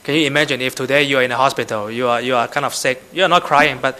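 Bright-voiced man preaching in short phrases. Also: mid-range voice, steady tone. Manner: short phrases paused for the interpreter. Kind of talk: sermon with live interpretation.

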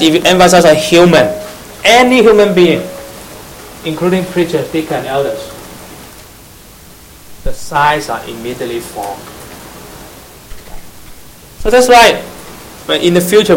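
A man with a somewhat high voice and delivers a sermon to a young congregation. He quizzes his listeners, repeats his key phrases and slips in teasing asides. A faint hiss sits under his voice. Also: low-quality recording. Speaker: preacher. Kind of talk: sermon to young church members.

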